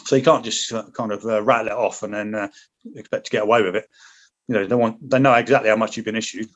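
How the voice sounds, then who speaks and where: Fast and steady, this fairly low, somewhat bright British voice belongs to a former paratrooper on a podcast. He recounts combat in relaxed storytelling, cursing, backtracking and wandering off on tangents. The sound quality is lo-fi.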